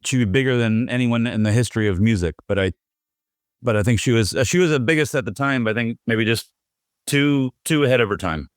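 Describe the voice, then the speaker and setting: A man's voice: medium pitch, brisk, clean tone, dry recording, clean studio sound. A man co-hosting a podcast, chatting casually and teasing his co-host, with frequent ums and restarts. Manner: joking, teasing, many fillers and restarts. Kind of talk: casual chat.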